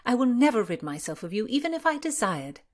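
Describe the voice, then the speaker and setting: A woman's voice: sing-song, quick pace. A woman voicing a spirited young Tudor noblewoman, speaking emphatically and earnestly in an audiobook. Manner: emphatic, earnest, raised pitch.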